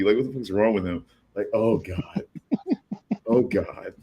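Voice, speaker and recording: A man's voice: fairly low pitch, normal speed, a little mellow. A man hosting a casual podcast, rambling and stammering as he repeats himself. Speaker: podcast host.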